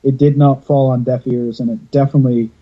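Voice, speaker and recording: A man's voice: mid-range voice, level tone, a little fast, lo-fi sound. A man hosting a podcast over a video call, telling stories in a rambling, casual way and swearing freely. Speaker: podcast host.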